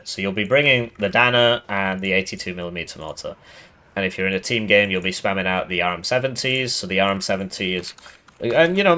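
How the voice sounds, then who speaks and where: A man giving casual game commentary, sarcastic and rambling in a deadpan way. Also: fairly low pitch. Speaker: gaming YouTuber.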